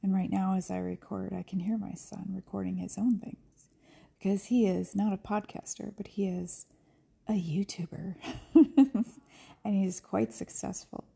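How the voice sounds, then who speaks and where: A middle-aged woman podcaster chats at home in a loose, rambling way. Her voice carries heavy vocal fry and a mellow, husky tone. She laughs easily and drifts into soft whispers. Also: mid-range voice, fairly even intonation, a little slow. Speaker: podcast host. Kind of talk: casual chat.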